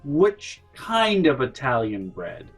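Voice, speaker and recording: A man's voice: medium pitch, very animated, slow pace, breathy edge, faint music behind, full character voice. A man voicing a confused young woman at a sandwich counter, patiently repeating her question. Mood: puzzled.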